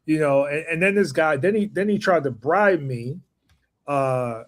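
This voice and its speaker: A man hosting a casual chat, relaxed and loose, often restarting his sentences. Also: on the high side, unhurried. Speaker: host.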